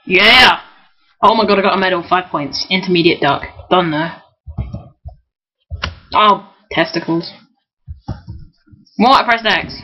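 A young man, excitably commentating his own gameplay, often swearing and shouting at the game. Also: sits high, a little slow, long pauses, dull audio. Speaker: gamer.

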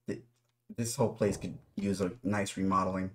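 A man's voice: deep voice, fairly even intonation, moderate pace, slight background noise. A man giving nervous running commentary while playing a horror game, talking straight to his viewers. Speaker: gaming YouTuber.

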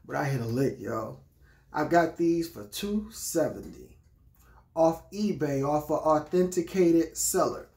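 Casting: man, casual vlog host, slightly high voice, echoey room, keeps talking to viewers. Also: darkish tone. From Texas. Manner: chatty, keeps addressing viewers as y'all. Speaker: sneaker reviewer host. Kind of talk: casual product review.

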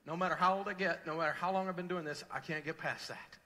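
A middle-aged man preaching a sermon, telling a personal story with swings from loud to hushed. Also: fairly high pitch, racing, hardly any pauses, in a large hall. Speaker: pastor. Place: large church hall.

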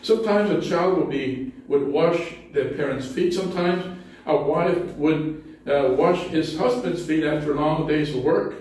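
A man's voice: on the high side, a little slow, hardly any pauses, darkish tone. Man preaching in a very echoey church. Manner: conversational storytelling, self-deprecating humor. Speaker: pastor. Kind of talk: sermon. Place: church sanctuary. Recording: very echoey hall, distant mic.

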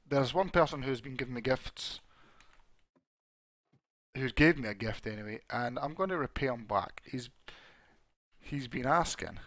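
A Scottish man hosting a Minecraft let's play in casual, excitable commentary, his voice hoarse as it recovers. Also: medium pitch, dry recording. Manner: chatty and excitable, laughs often.

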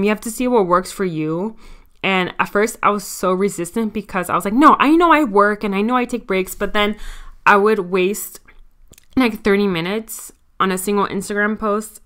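A woman with a Miami accent hosts a solo podcast in a casual, chatty way. Her voice is smooth and clear, at a middle pitch, and she pokes fun at herself as she talks. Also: bright, forceful tone. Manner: chatty, candid and self-mocking. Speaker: podcast host.

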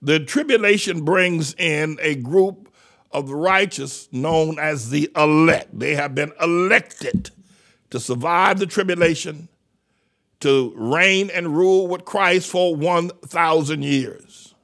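An older male pastor preaches a fiery, mocking sermon in a high, gravelly voice. He shouts his points and hammers the same phrases again and again. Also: takes it slowly. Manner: shouting, mocking, repeating phrases with sudden laughs. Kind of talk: fiery street-style sermon.

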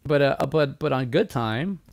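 A man's voice: medium pitch, expressive, normal speed, gravelly, no room sound. A man co-hosting a movie podcast, talking casually in a rambling, profane way with many restarts. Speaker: podcast co-host.

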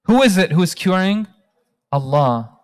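A man in his thirties tells a religious story to a hall audience in an animated, engaging way. His voice sits high for a man. A long reverb follows him through the large hall. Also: unhurried. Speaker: guest speaker. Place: large hall at a community talk night.

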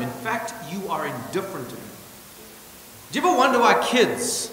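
A male pastor preaching a sermon with emphatic points and wry asides, swinging from loud stresses to hushed remarks. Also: high-pitched. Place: church hall. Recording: echoey church hall with hiss.

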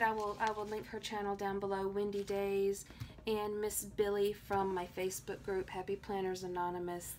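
A woman from Tennessee gushing excitedly as she opens happy mail at home in a casual vlog. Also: mid-range voice, slight background noise. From Tennessee, USA. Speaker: planner vlogger.

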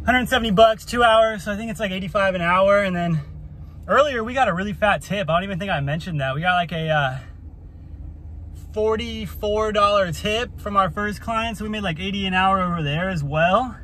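Casual male vlogger, laid-back rambling delivery, voice sits a bit high, light outdoor noise behind. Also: fairly quick, a bit bright. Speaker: window cleaning business owner. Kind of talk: casual vlog narration.

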